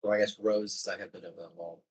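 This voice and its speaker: A man's voice: sits low, fairly even intonation, fast talker, a little mellow, husky, poor audio. A man playing in a tabletop game, rambling and giggling, with lots of fillers. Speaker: player. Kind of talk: casual tabletop game chat.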